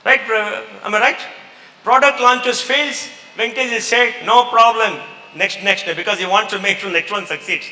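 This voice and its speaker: A man's voice: high voice, moderate pace, bright, forceful tone, a little hiss or hum. A man with an Indian English accent giving an emphatic, rhetorical motivational talk to an audience and taking questions. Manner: emphatic, rhetorical, mixes in Hindi phrases. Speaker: guest speaker. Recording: echoey hall.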